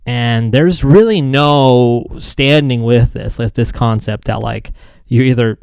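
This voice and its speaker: A man's voice: mid-range voice, takes it slowly, darkish tone, clean tone, no room sound. A man co-hosting a casual podcast, joking and rambling with lots of fillers. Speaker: podcast co-host.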